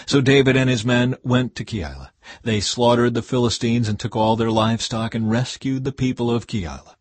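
A man narrating a Bible audiobook in a measured, expressive reading voice. His tone is slightly husky, and the recording is dry and close, as if made in a small booth. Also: medium pitch, no echo.

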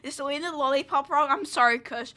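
A woman's voice: high-pitched, fast talker, sharp tone. A woman from New Zealand streaming a story game, chatting and teasing her viewers playfully with giggles. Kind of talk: casual let's-play chat.

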